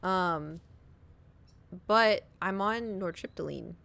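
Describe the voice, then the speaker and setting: Animated, giggly young woman streamer. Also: on the low side, takes it slowly, vocal fry, clear, resonant tone. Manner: animated storytelling, giggly, swears casually. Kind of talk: casual chat with stream viewers.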